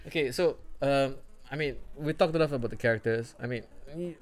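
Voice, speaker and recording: A man's voice: medium pitch, brisk. A man co-hosting a podcast, chatting casually about a film in a rambling, profane way. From outside Europe. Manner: rambling, profane, laughs often. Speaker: podcast co-host. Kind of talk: casual movie review chat.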